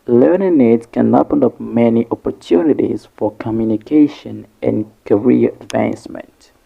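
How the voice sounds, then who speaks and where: A man teaching an English pronunciation lesson, slowly and deliberately repeating each syllable. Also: medium pitch, creaky, slightly rough. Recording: dull lo-fi recording.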